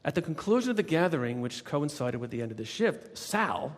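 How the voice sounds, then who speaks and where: A man, a motivational speaker, telling a workplace anecdote in lively storytelling narration. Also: a little high, fairly quick. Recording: reverberant recording.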